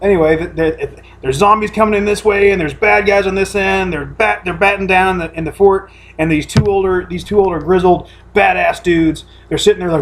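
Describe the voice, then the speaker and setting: A man's voice: sits high, fairly quick, hardly any pauses, a little hiss or hum. A man co-hosting a casual podcast from home, telling stories in a rambling, profane way with many restarts. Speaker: podcast co-host. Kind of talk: casual chat.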